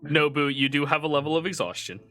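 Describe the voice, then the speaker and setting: Upbeat male game master, bright and lively. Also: on the high side, quick pace, faint music behind. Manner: lively, laughing narration. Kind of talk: narrating a tabletop game.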